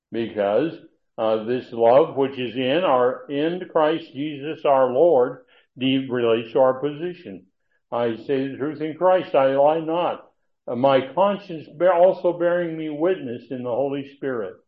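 A male Bible teacher working through scripture in a sermon, leaning hard on key words and breaking into asides. His voice has a middling pitch. The recording sounds thin and tinny, like a phone line. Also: a little slow. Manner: emphatic, stressing key words, with asides and restarts. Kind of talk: expository sermon.

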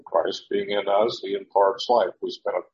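A preacher works through a Bible passage verse by verse in a plain, explanatory tone, often restarting sentences as he unpacks Greek words. His low, darkish voice is flat and moves at normal speed, recorded in a dull, lo-fi, echoey room.

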